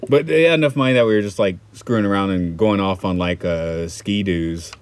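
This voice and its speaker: A man's voice: lowish voice, a little fast, smooth, no echo. A man from Atlanta, co-hosting a podcast in casual chat, rambling and correcting himself as he tells stories. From Atlanta, United States. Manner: rambling, self-correcting storyteller. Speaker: podcast co-host.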